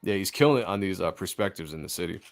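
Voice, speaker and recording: A man's voice: deep voice, expressive, fast, vocal fry. A man hosting a casual livestream, talking enthusiastically about comic art and swearing now and then. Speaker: host.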